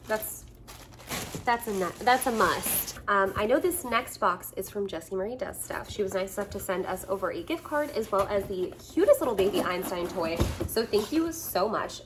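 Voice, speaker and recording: A bubbly woman vlogger gushes over the things she unboxes at home, her voice swinging high and low as she talks. She laughs often and chats along with plenty of asides, while a faint hiss sits under her voice. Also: moderate pace. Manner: gushing and excited, laughs often; chatty with frequent fillers. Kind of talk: casual chat, unboxing gifts.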